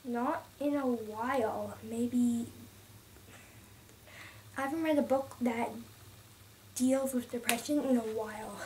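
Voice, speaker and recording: Young woman, casual book vlog, rambling and emotional, slightly high voice, distant mic. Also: slow, pauses often. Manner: rambling and emotional, many restarts, drops to soft whispers at times. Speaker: book vlogger. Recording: distant from the mic, faint room noise.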